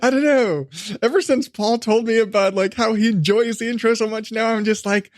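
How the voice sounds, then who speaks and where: A man's voice: high-pitched, fairly quick, no echo, clean studio sound. A man in his thirties hosting a solo podcast, rambling in a hyper, laughing way with lots of restarts. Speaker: podcast host.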